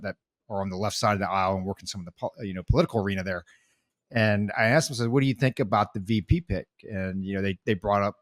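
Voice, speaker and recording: Heated veteran podcast co-host, dry sound. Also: male voice, on the low side, no echo. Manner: heated, rambling with restarts. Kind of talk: casual chat.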